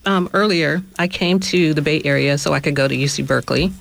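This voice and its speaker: A woman's voice: sits low, brisk, creaky. Woman, radio co-host, reflective storyteller who rephrases herself as she talks. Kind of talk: casual radio chat. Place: radio studio.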